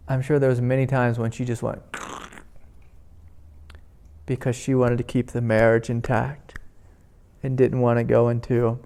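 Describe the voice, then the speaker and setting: Gravelly-voiced spiritual teacher, gentle and rambling. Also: male voice, mid-range voice, little pitch movement, unhurried, long pauses. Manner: gentle, rambling, many fillers. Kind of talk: talk at a meditation retreat. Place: indoor retreat meeting room.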